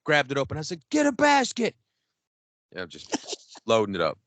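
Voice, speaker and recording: A podcast co-host with a mid-range voice talks fast on an echo-free recording. He's telling a rambling, profane story in casual conversation, animated throughout and playing out his own quotes.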